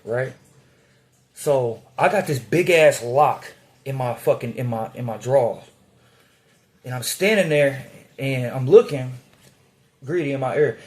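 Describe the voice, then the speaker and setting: A young man from Indiana telling a casual prison storytime, profane and animated, getting louder as it heats up. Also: a little high, moderate pace. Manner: profane, animated, gets louder when worked up.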